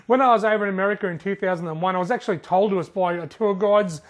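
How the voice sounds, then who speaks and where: With a high voice and quick pace, an Australian man who runs a fishing channel jokes his way through viewer comments on his videos. He laughs a lot and drags his words out in a casual, drawling style.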